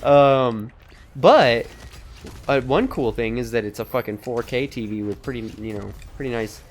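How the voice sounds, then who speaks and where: A man's voice: medium pitch, animated, normal speed, slight background noise. A young man co-hosting a let's play, rambling in casual gaming banter, swearing and laughing often.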